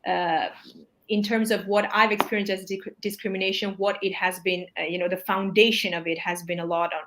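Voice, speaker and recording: A woman's voice: medium pitch, flat delivery, brisk, a bit bright, a little hiss or hum. A woman hosting a live talk, speaking thoughtfully and hesitantly, with fillers. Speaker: host. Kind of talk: live conversational discussion.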